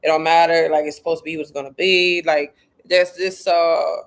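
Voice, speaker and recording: A woman's voice: low voice, level tone, moderate pace. Blunt, cursing woman talking spirituality. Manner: blunt, profane and slangy, talking straight to viewers; emphatic, repeats herself for stress. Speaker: spiritual content creator. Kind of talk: casual livestream talk to viewers.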